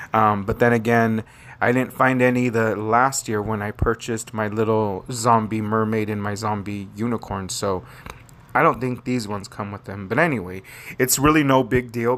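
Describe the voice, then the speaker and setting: Low-voiced male craft host, chatty and rambling. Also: fairly bright tone. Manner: chatty, rambling, fond of pet phrases. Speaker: papercraft tutorial host. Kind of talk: casual step-by-step craft demo.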